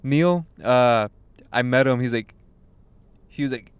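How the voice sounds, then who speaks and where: A man's voice: medium pitch, takes it slowly, smooth, no echo. A young man co-hosting a podcast, chatting casually and rambling, with frequent restarts and plenty of swearing. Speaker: podcast co-host. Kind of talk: casual chat.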